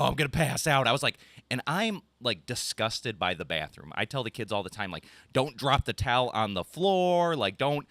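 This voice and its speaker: Animated man telling stories. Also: lowish voice, no echo. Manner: animated, ranting, swears freely. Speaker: podcast co-host. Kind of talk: casual storytelling chat.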